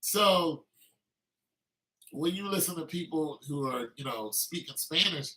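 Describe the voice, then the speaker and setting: A man's voice: a little high, lively intonation, normal speed, pushed and bright, poor audio. A man talking in a casual, meandering monologue, telling anecdotes with lots of fillers.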